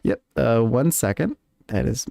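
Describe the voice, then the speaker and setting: A man narrating as game master, often pausing and correcting himself as he goes. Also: medium pitch, animated, vocal fry, background noise. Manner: halting, self-correcting, apologetic.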